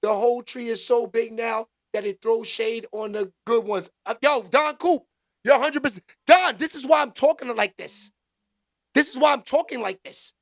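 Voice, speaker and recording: A man hosting a casual live stream, talking with the chat in slangy street talk and bursting into loud exclaims. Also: extremely high pitch, moderate pace, creaky. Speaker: livestream commentary host.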